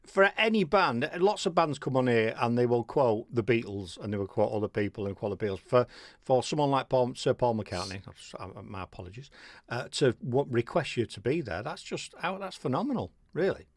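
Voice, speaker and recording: A man's voice: medium pitch, expressive, a little fast, no echo, studio quality. A middle-aged man from Manchester with a Mancunian accent, hosting a casual interview in a chatty, rambling way with repeated words. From Manchester, England. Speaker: radio show host.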